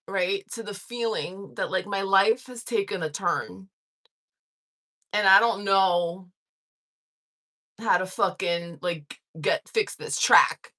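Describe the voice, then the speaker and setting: A woman in her forties telling a lively, profane story on a livestream, laughing as she goes. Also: mid-range voice. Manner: profane and animated, laughing through stories. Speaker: livestream host. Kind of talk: casual storytelling.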